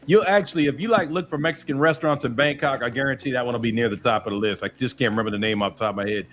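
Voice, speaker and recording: A man's voice: mid-range voice, very fast, a bit bright, soft background music. Laid-back rambling American man. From United States. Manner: laid-back, rambling storytelling with many fillers. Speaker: livestream host. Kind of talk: casual chat.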